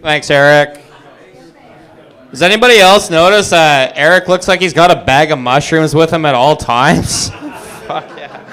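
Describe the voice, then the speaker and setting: A man's voice: on the high side, a little slow, long pauses, fairly bright tone. A man doing stand-up, delivering one-liners and chuckling at his own jokes. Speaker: stand-up comedian. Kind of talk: stand-up comedy.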